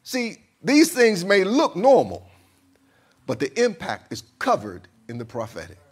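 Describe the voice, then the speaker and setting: A man's voice: sits high, huge pitch swings, measured pace, husky. A man preaching a sermon as pastor, acting out a king's confused voice and talking back and forth with his congregation.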